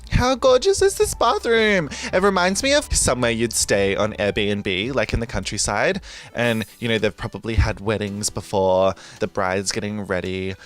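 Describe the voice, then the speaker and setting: A man's voice: on the low side, normal speed, a bit bright. A man chatting and gushing in a rambling, giggly voice-over over a building game, with faint music behind him. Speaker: gaming video host. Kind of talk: casual voice-over over gameplay.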